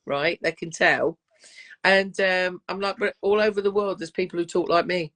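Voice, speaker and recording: A woman with a soft Black Country accent hosts a relaxed interview, talking in a friendly, chatty way. Her voice sits at an ordinary middle pitch. She is heard over a video call. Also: quick pace. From West Midlands, England. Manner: warm, chatty, calls the guest darling. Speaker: podcast host. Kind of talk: casual interview chat.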